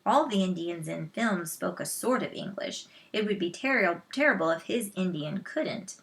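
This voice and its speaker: A woman reading a children's novel aloud, slow and measured, with soft asides to listeners. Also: fairly low pitch, lively intonation, creaky. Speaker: storyteller.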